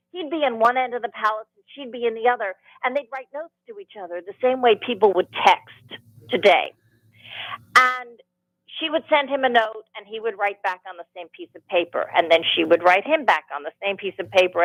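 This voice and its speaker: A woman's voice: medium pitch, dry recording. Woman author chatting on radio, storytelling, tangents, dry dull studio sound. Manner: animated storytelling, rambling with restarts. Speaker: author and audiobook narrator, guest. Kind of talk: radio interview.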